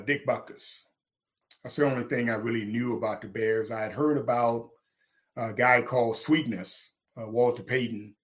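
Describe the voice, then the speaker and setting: A middle-aged man from Texas, a former football linebacker, telling his story in an interview with lively, acted-out quotes. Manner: animated, acts out quotes with big pitch jumps, laughs.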